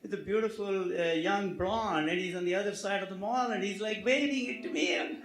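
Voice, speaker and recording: Male doctor addressing a conference hall, halting delivery with many fillers, lighthearted jokes, a touch high-pitched, echo of the room. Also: steady tone, a bit bright. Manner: halting, full of filler words, jokey. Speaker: physician giving conference remarks. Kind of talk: conference speech with a humorous anecdote. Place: conference hall with live audience.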